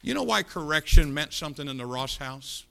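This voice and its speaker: Preacher guy, middle-aged, raspy gravelly edge, scolds the crowd, loud then low. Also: animated, fairly quick. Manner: blunt, scolding, shifts between shouting and low asides. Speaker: pastor. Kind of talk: fiery sermon. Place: church auditorium.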